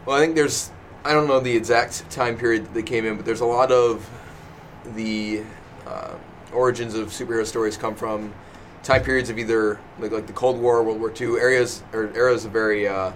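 A man with a lowish voice, musing through ideas in a relaxed podcast chat. He hesitates and restarts, leaning on fillers. Faint fan noise is heard behind him. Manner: hesitant, halting, fills pauses with um and laughs. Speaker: podcast host. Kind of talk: casual podcast discussion. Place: small indoor room with a noisy fan.

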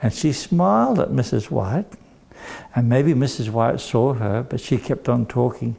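A man telling a story to children in a gentle, expressive way, talking straight to the kids. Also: mid-range voice, a little slow, creaky, slightly rough.

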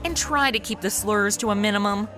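A woman's voice: medium pitch, a little fast, bright, forceful tone, soft background music. A young woman in her own voice, narrating and playing a sarcastic detective in a comedic audio drama. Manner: sarcastic and wisecracking, slips into mock drawl.

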